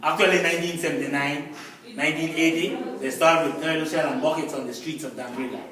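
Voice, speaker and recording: A man teaches a class, patient and careful, saying each word again so learners can follow. His voice sits a little high and sounds distant in an echoey room. Students murmur behind him. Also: steady tone, fast. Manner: patient, repeats words for learners. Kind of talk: classroom explanation. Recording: echoey room, mic far off. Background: class chatter.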